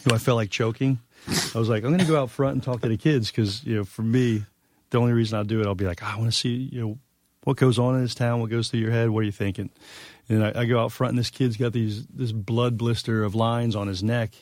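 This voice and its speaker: A man's voice: mid-range voice, steady tone, fast talker, a little mellow, no room sound. A man telling a long tour story in a casual chat, rambling and profane, with many fillers. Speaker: guest musician.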